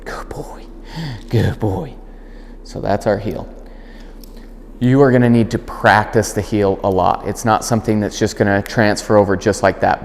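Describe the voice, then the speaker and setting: Low-voiced dog trainer in an echoey hall. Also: male voice. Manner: calm explaining voice, firm clear commands. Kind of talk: instructional demonstration. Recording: long hall reverb.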